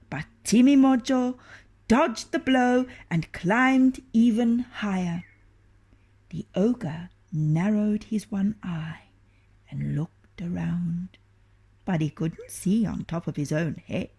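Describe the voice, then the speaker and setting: A woman reading a children's storybook aloud, expressive and often dropping into a hushed whisper. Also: medium pitch, slow, slightly rough.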